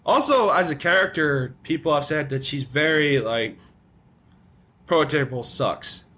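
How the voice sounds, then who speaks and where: A man's voice: on the high side, animated, normal speed, pushed and bright. A man hosting a podcast, chatting casually and ranting with strong opinions. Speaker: podcast host.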